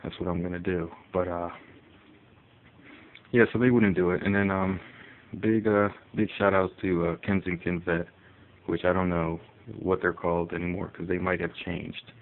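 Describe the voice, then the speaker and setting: A man's voice: deep voice, little pitch movement, moderate pace, a little hiss or hum. A man from Connecticut rambling casually about his pet in a phone-recorded vlog, with many fillers. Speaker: pet owner. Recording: tinny phone audio with faint ambience.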